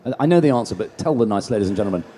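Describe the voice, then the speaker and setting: Very dark-voiced stage interviewer. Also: male voice, on the low side, expressive, racing, husky. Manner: chatty, leading questions with tag endings. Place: live exhibition stage.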